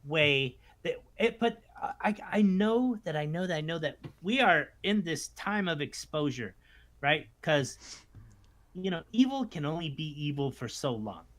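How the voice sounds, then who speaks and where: A fairly high-pitched man co-hosting a faith podcast. He talks in quick, animated bursts and drops into mocking voices to mimic the people he disagrees with. The tone stays casual and conversational throughout. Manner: animated, acts out what others say in mocking voices. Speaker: co-host.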